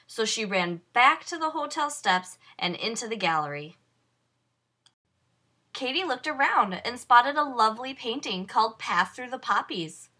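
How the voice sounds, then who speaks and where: A woman reads a children's picture book aloud in a slow, unhurried way. Her voice is bright and a little high, and it rises and falls a lot as she tells the story. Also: lively intonation. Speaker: storybook reader. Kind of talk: children's read-aloud narration.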